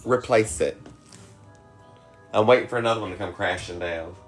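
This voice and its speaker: A woman's voice: a bass voice, normal speed, music in the background. A woman hosting a casual cooking livestream from home, teasing and laughing often as she chats. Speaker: cooking livestream host and mom. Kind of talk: casual live-stream chat. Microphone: phone.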